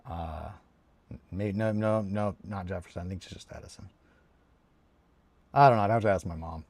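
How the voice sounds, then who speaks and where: A young Englishman with a southern English accent chats casually on a hobby live stream, telling stories in a rambling, profane, animated way. His voice sits on the low side with some vocal fry.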